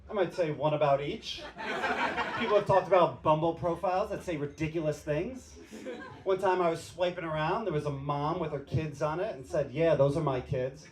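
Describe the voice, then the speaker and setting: A man's voice: on the high side, normal speed, a crowd in the background. Self-deprecating male comic, loose delivery. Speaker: stand-up comedian. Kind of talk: stand-up comedy set. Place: comedy bar stage with live audience.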